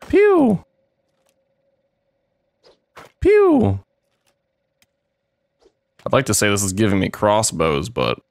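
A young man commenting on his own playthrough of a game, reacting excitably and swearing freely, with sudden yelps. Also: low voice, gravelly, no echo. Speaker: gamer playing a modded game. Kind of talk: let's play commentary.

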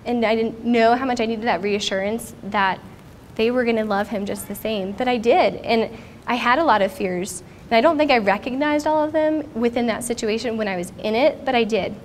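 A woman's voice: fairly high pitch, fairly quick, few pauses, slight background noise. Earnest woman telling her story. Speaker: conference speaker. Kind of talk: personal testimony talk. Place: conference stage.

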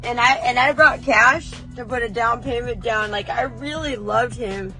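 A woman delivering a comedic confessional rant, brash, defiant and oversharing, with breathy laughs breaking in between lines. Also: fairly high pitch, normal speed, pushed and bright, soft background music, rough recording. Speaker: vlogger.

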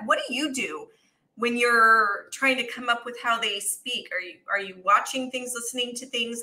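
A woman co-hosting an author podcast, her voice very bright and ringing. She talks in a loose, chatty way and laughs often as she goes. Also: a little high, moderate pace, low-quality recording. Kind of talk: casual chat.

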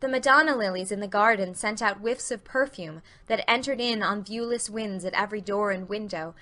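A woman narrating a dramatic audiobook reading with clear, expressive storytelling. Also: mid-range voice.

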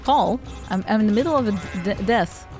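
A woman's voice: mid-range voice, animated, fairly quick, darkish tone, faint music behind. A woman streaming a stealth video game, chatting playfully with frequent giggles and stammered restarts. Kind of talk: live game commentary.

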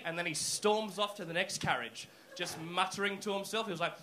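Animated high-voiced male stand-up comic. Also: a little hiss or hum, rough recording. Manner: animated, swearing, fast storytelling. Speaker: stand-up comedian. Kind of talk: stand-up comedy storytelling. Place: comedy club stage.

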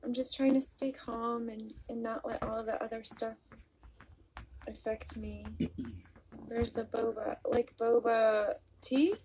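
A woman hosting a casual live stream on her vlog, greeting viewers by name and reading their comments aloud, speaking softly and apologetically about her mood disorder into a phone or webcam mic. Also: fairly high pitch, little pitch movement, unhurried, pauses often, a little hiss or hum, low-quality recording.

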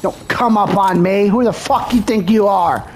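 A man's voice: high voice, normal speed, darkish tone, slight background noise. A man making gaming videos, giving a profane, frustrated running commentary and trash-talking other players as he plays.

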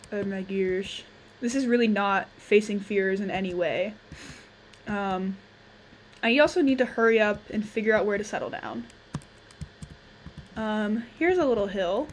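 A young woman giving casual, chatty commentary on her own gameplay, thinking aloud and quick to exclaim. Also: mid-range voice, a little hiss or hum. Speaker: gamer.

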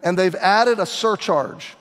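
A man's voice: sits high, expressive, measured pace, a bit bright, big-room sound. A male pastor preaching a sermon, telling the story dramatically as if living through it himself. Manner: dramatic storytelling, acting out scenes.

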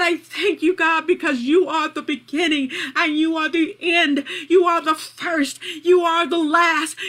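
A woman pastor greeting viewers, then praying fervently and repetitively, at times tearful and shouting. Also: extremely high pitch. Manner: fervent, rising into shouted prayer; repetitive, halting with fillers. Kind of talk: livestreamed prayer and testimony.

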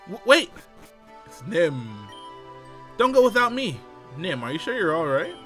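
A man's voice: medium pitch, pitched below the performer's own voice, lightly acted. A man reading the lines of a shaky young male friend who stammers and hides pain. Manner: stammering, unsteady.

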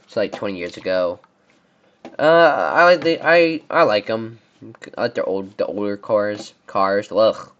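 A man's voice: fairly low pitch, a little slow, fairly bright tone, muffled recording, a little hiss or hum. A young man from the United States giving casual, rambling commentary on car brands, often stumbling over names. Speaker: car reviewer. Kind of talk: casual commentary on a tier list.

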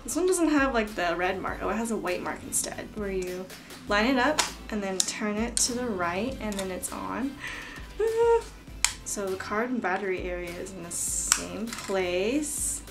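At home with music playing, a young woman films a casual vlog unboxing a camera, gushing breathlessly and saying "like" constantly. Her medium-pitched voice is very animated, though her pace runs a little slow.

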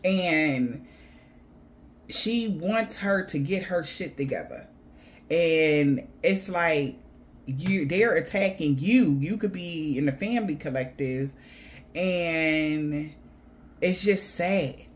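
A woman's voice: low-pitched, animated, takes it slowly, slight background noise. A woman giving a casual spiritual reading, rambling and blunt, swearing freely. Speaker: tarot reader.

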